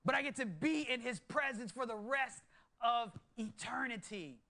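Excitable high-voiced male preacher. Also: normal speed, gravelly. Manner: swings from hushed earnest low tones to excited bursts. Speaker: pastor. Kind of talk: sermon.

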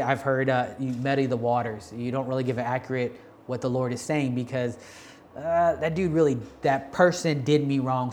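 A man's voice: mid-range voice, darkish tone, slight background noise. A man giving an informal sermon on prophecy, speaking conversationally with many restarts, fillers and slangy asides. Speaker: church teacher on prophecy.

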